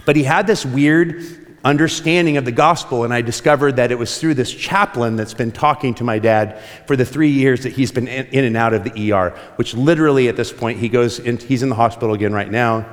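A man's voice: mid-range voice, brisk. A man preaching a sermon with passion, stretching out key words for emphasis, as pastor of his congregation. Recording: long hall reverb.

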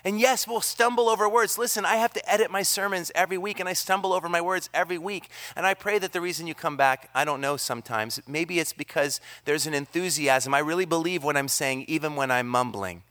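A man preaching a sermon on a church microphone, energetic and earnest, swinging from loud emphasis down to hushed, almost whispered lines. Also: fairly high pitch, a little fast, hardly any pauses. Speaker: pastor. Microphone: handheld or stand microphone.

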